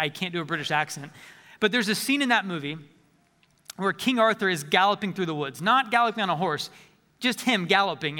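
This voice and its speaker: A man's voice: high-pitched, sharp tone, in a large hall. A man preaching a sermon as a pastor, conversational, often repeating words as he restarts phrases.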